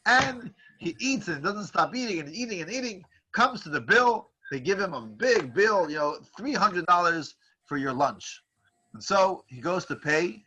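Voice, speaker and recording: A man teaching a class, telling a parable in a lively, animated way with frequent restarts. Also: high voice, unhurried, slight background noise. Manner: animated storyteller with many restarts. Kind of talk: storytelling lecture.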